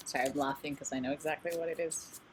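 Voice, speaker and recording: A woman's voice: low voice, slight background noise. A woman hosting a casual live-stream oracle card reading, talking candidly and reading messages aloud, recorded at home in a closet she uses as a studio. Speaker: oracle card reader and meditation channel host.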